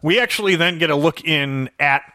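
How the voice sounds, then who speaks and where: A man talking through a movie plot, his voice bright and a little high, with a lively rise and fall. The recording is dry and close. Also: fairly quick, dry recording. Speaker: podcast co-host. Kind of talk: casual movie discussion.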